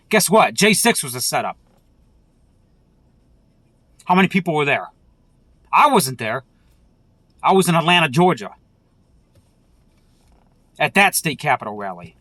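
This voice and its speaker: High-pitched man in a profane rant. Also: bright, forceful tone, dry recording. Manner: profane, heated, repetitive. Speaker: vlogger. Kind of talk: angry political rant.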